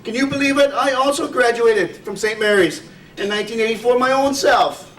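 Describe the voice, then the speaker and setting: Man doing an excitable Irish pub-goer, brogue, voice pitched way up, echoey far-off hall. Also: a little fast, a little hiss or hum. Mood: amazed. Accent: put-on Irish brogue. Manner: exclaiming, wide-eyed.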